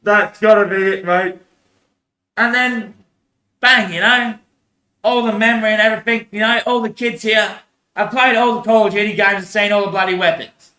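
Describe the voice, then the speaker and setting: High bright rambling man. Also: fairly even intonation, moderate pace, roomy sound. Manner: rambling, repetitive, laughs often, swears, says "mate". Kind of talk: rambling monologue.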